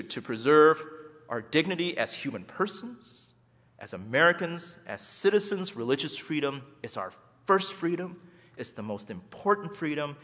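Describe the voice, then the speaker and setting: A man with a medium-pitched, slightly bright voice delivers an impassioned, emphatic speech as a guest speaker at a church event. His delivery rises and falls for effect, echoing through a large, reverberant hall.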